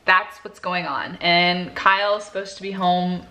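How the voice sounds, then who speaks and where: A woman's voice: fairly low pitch, little pitch movement, a little slow, pushed and bright. Chatty young woman vlogging at home. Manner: candid and chatty, talking straight to viewers. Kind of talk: casual vlog chat to camera.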